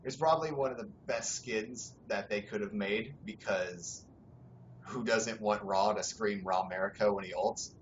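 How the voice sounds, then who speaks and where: A young man with a fairly low voice hosts a casual gaming podcast, rambling and swearing in a relaxed way. The sound is dull and lo-fi with a faint hiss behind him. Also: a little slow. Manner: relaxed, rambling, swears freely, laughs often. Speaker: podcast host.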